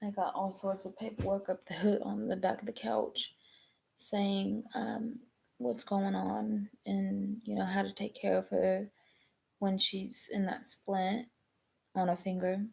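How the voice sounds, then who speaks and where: A woman, chatting casually on a live stream, rambling and halting with many ums and restarts. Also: medium pitch, flat delivery, creaky, darkish tone. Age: 20s.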